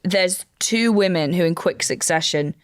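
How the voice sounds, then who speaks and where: A woman's voice: on the low side, measured pace, clean tone. A woman comedian co-hosting a podcast, recounting a true crime story step by step with wry asides. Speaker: comedian co-host.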